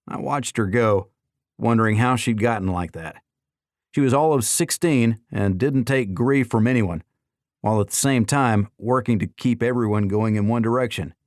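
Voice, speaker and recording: A man narrating an audiobook in a steady, even reading. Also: fairly low pitch, dry recording, studio quality.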